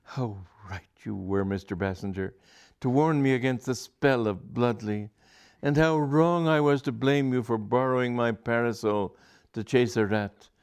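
A man voicing a distraught young society woman in a comic story read aloud, raising his voice to a breathy, overwrought pitch. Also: measured pace, natural voice. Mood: remorseful.

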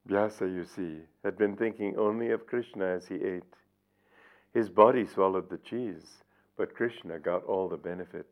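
Older man, low voice, tinny recording. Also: normal speed. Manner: storytelling, reflective. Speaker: spiritual teacher. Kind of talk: reading and commenting on his book.

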